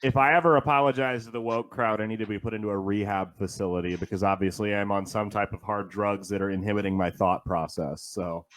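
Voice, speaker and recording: A man's voice: on the low side, fairly even intonation, quick pace, hardly any pauses, fairly bright tone. Laid-back man telling stories. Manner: laid-back storyteller, laughs often. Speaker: comedian guest. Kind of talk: casual chat, telling stories.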